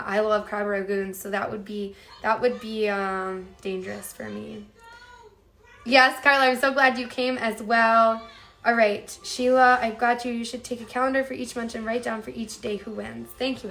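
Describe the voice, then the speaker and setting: A woman's voice: on the high side, fairly even intonation, moderate pace, a bit bright. A woman hosting a home cooking livestream, chatting casually and reading out viewer comments in an upbeat way. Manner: chatty, upbeat, addresses viewers as "you guys".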